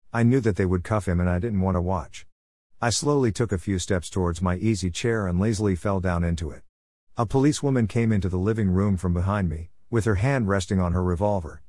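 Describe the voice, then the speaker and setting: A man narrating a first-person story in a measured, somber way. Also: low voice, a little mellow, no room sound, studio quality.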